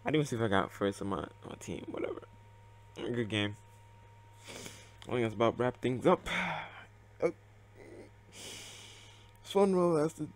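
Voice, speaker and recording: A man giving live gameplay commentary, excitable and reactive, muttering and swearing at the game as he plays. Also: lowish voice, normal speed, long pauses. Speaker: let's play gamer.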